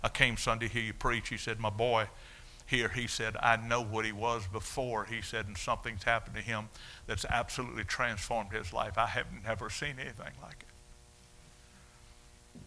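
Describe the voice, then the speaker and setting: Bright-voiced preacher telling a story. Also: male voice, on the low side, fairly even intonation, moderate pace, a little hiss or hum. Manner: storytelling, swings from hushed to shouting. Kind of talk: sermon testimony.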